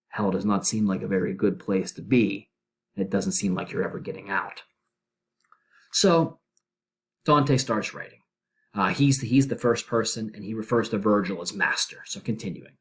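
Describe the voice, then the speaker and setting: A man's voice: lowish voice, normal speed. A male teacher giving a literature lecture, reading old verse aloud with dramatic emphasis and then explaining it in casual words.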